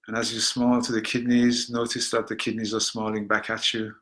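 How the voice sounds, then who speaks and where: A man teaching a guided healing meditation, gentle and unhurried, dropping to soft spoken affirmations and breaking off for chatty, joking asides. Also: lowish voice, monotone.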